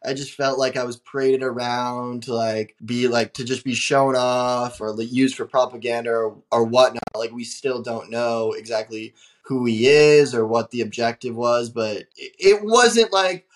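A man's voice: mid-range voice, moderate pace, hardly any pauses. Rambling young man, casual swearing. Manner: rambling, swears freely, many fillers. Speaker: guest traveler. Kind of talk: casual podcast chat.

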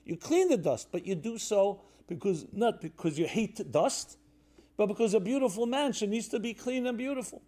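A man delivers a reflective, sermon-like talk in a mellow, fairly high voice. He speaks conversationally, with fillers and restarts, and goes soft and low when he tells a story. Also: lively intonation, moderate pace.

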